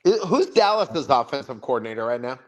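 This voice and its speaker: A man hosting a casual sports chat, talking in an emphatic, excitable way. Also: medium pitch, fast talker, a crowd in the background. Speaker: sports podcast host.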